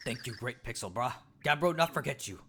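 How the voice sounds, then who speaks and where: A man's voice: medium pitch, lively intonation, fairly quick, vocal fry, very noisy, pitched below the performer's own voice. A man reading a loyal cave creature from a video game that speaks in broken, slangy sentences. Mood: earnest. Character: simple-talking cave creature, gruff and loyal.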